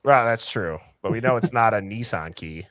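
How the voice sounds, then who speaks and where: A man's voice: on the low side, animated, moderate pace, a bit bright, no echo. A man hosting a live stream, chatting casually and thinking aloud as he reads comments. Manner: easygoing, thinks aloud while reading chat. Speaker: host.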